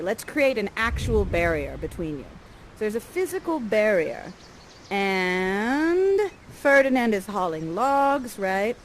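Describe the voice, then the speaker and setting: A woman directing a live Shakespeare performance, coaching the players and reading their lines softly. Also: mid-range voice, a little hiss or hum, rough recording. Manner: animated, coaching, reads lines aloud in a soft voice. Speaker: theatre director coaching actors.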